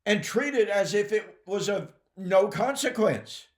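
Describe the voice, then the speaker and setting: A man teaching the Bible in a high, animated voice, leaning hard on key words and addressing his listeners as folks. He talks at an unhurried, deliberate pace and clears his throat now and then. The recording carries a roomy echo. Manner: emphatic, addresses listeners as folks and ladies and gentlemen.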